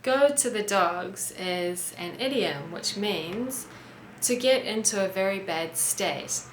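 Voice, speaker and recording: A woman's voice: mid-range voice, animated, slow, echoey room, a little hiss or hum. A woman with a New Zealand accent explaining English words and pronunciation in a casual lesson. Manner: clear, explanatory, modelling pronunciation. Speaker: English teacher and host.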